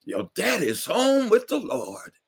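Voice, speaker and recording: A man voicing an older male churchgoer, exuberant and preachy, shouting praise to God. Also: high-pitched, huge pitch swings, takes it slowly, creaky, breathy edge, voice pushed up, full character voice. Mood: ecstatic.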